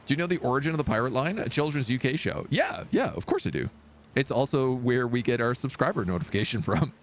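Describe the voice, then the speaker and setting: A man's voice: mid-range voice, animated, fast talker, slight background noise. A man streaming a pirate game live, joking around and reading the game's story text aloud. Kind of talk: live gameplay commentary.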